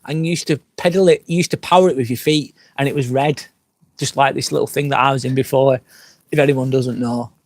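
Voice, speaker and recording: Beside a fire pit at a glamping site, a tipsy Englishman chats on his live stream, reading out comments from viewers and drifting into sweary, rambling tirades. He talks fairly quickly in a steady, medium-pitched voice that's a little mellow, with no echo.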